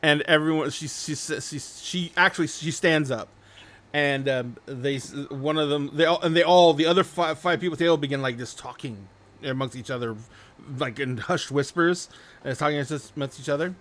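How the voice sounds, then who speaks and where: A man's voice: on the high side, moderate pace, a bit bright. A man narrating a tabletop role-playing game as game master, telling the story in a loose, rambling way.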